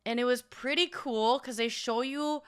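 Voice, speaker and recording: Bright, animated young woman chatting. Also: a little high, normal speed, clean tone. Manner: profane, animated, laughs often, acts out quotes. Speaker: vlogger. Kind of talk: casual storytelling chat.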